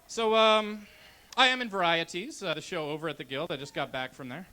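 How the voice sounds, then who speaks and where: A young man from Canada doing a brash, deadpan stand-up comedy set on a club stage into a handheld mic. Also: high-pitched, a little fast.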